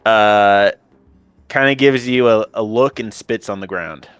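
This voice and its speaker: A man's voice: lowish voice, unhurried, a bit bright, smooth, no room sound, soft background music. Man casually narrating a tabletop game. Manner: casual, filler-heavy narration. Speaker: game master.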